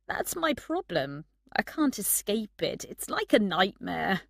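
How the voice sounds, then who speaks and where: A woman reading aloud and voicing an arrogant young man who speaks softly and gently. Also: medium pitch, very animated, slow, gravelly, no echo, studio quality, full character voice. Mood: self-pitying. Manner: soft, gentle. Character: young man, arrogant, self-centred charmer.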